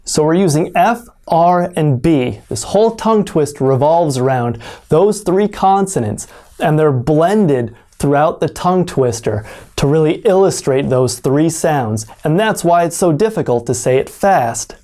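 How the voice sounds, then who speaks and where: A native English speaker leads an online pronunciation lesson, slowing down deliberately and exaggerating sounds for demonstration. The voice has medium pitch, lively intonation and a dark tone.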